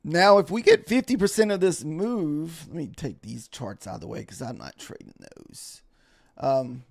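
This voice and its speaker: A man's voice: fairly high pitch, lively intonation, moderate pace, vocal fry, no room sound, studio quality. A tired man chatting casually on a live stream as he trades futures, rambling and thanking followers. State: tired, yawning.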